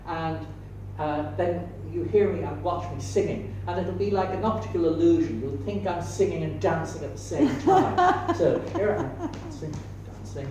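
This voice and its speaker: A man's voice: a little high, sing-song, normal speed, hardly any pauses. An Irish man in his sixties doing rambling, self-mocking stand-up comedy on a small stage. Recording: echoey room, distant mic, faint hum.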